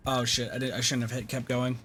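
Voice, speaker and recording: A young man giving live gameplay commentary, excitable and swearing as he reacts out loud, over game music. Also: mid-range voice, fast talker. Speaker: streamer.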